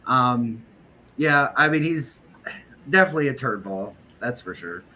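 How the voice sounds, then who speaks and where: Bright-voiced casual podcast co-host man. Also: medium pitch, lively intonation, measured pace, slight background noise. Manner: agreeable, laughing, casual with some swearing. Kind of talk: casual chat.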